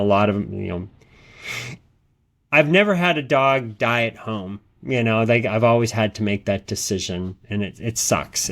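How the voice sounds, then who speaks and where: Rambling, earnest man hosting a podcast. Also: lowish voice. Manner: rambling, personal storytelling with many repeated words and restarts. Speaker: podcast host. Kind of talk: casual podcast monologue.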